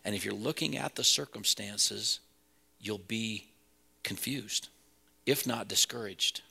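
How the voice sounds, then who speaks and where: A man's voice: on the low side, slow pace, creaky, bright, forceful tone, slightly rough. A man preaching a sermon as pastor, earnest and building to emphatic peaks.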